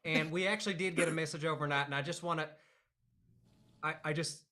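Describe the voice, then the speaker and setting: A man's voice: a little high, fairly even intonation, brisk, sharp tone. A man voicing a folksy Southern hillbilly persona in a mock-earnest put-on drawl. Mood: mock solemn.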